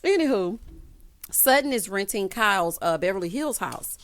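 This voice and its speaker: A sassy woman talks through a reality TV recap in a casual, gossipy way. She throws in honey and child constantly. Her voice leaps up for dramatic emphasis, in a middle register. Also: moderate pace. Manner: animated swoops in pitch for emphasis.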